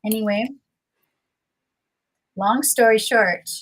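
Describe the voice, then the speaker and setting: A woman's voice: a little high, slow. Middle-aged lady on a video call from home, earnest and emotional, rambling a bit through her story. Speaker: guest. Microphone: computer mic on a video call.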